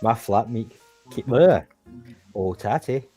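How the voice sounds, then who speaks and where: A man's voice: medium pitch, expressive, takes it slowly, warm tone, breathy edge, soft background music. A man chatting casually on a poker stream, telling dry jokes. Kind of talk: casual chat.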